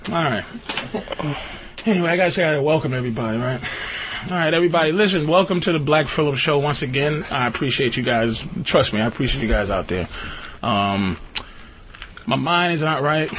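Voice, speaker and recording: A man's voice: mid-range voice, quick pace, long pauses. A man hosting a radio call-in show, ranting in a profane, rambling way and laughing often. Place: radio studio. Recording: dull lo-fi radio recording with faint hiss.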